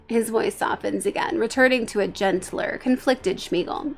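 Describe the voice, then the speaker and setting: A woman's voice: a little high, moderate pace, creaky, hardly any pauses, faint music behind. A woman streaming a game, casually reading its story aloud between chatty asides. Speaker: streamer narrating a life-sim game. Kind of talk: casual let's-play narration.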